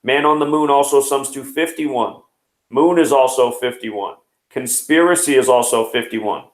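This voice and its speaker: A man in his thirties hosting a numerology news show, explaining numbers quickly and at length. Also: medium pitch, echoey room, low-quality recording. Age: 30s. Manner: rapid, number-heavy explaining. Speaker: host.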